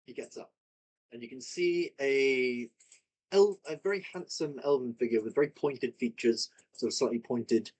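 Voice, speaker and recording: A man's voice: medium pitch, moderate pace, a little mellow, poor audio. A man narrating as game master, describing scenes with many fillers and self-corrections. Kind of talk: improvised tabletop narration.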